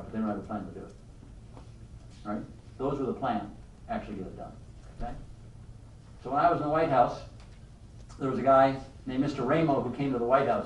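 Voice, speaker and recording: An older man giving a motivational leadership talk to a live audience, an animated storyteller who keeps asking the room questions. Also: mid-range voice, echoey room, distant mic, slight background noise, low-quality recording. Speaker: leadership speaker.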